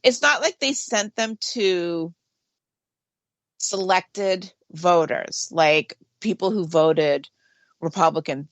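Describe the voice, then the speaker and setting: A woman's voice: sits low, a bit bright, dry recording. A woman, co-hosting a talk radio show, explaining at length and laughing easily. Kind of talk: casual talk radio chat.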